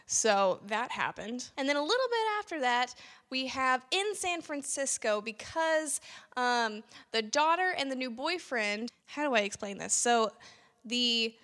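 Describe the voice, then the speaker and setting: A young woman talks through a movie review in a loose, chatty way, laughing often and restarting her sentences. Her voice is bright and sits a little high. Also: expressive, unhurried. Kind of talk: casual spoiler review.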